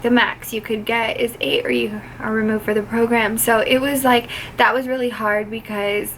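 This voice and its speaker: A woman's voice: a little high, gravelly, fairly bright tone, slight background noise, rough recording. Teary, gushing young woman vlogger. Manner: gushing, emotional, frequent "like" fillers. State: teary, on the verge of crying. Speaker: vlogger, flight attendant trainee. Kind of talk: casual vlog chat.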